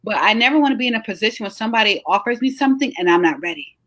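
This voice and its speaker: A woman's voice: mid-range voice, expressive, very fast, a bit bright, no echo. A middle-aged woman runs a casual live chat in a chatty, encouraging way, stretching words for emphasis. She sounds tired. Her voice is dry and close, with no room around it. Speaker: host, travel agency owner.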